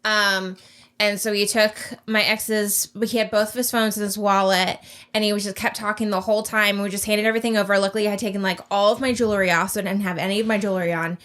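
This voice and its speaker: A woman sits in with her co-host and tells a story in a relaxed, rambling way. She says "like" all the time and laughs through the telling. Her voice is bright and forward. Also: medium pitch, fast. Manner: chatty, filler-heavy, frequent "like". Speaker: co-host of a TV reaction channel. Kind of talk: casual storytelling in a reaction video.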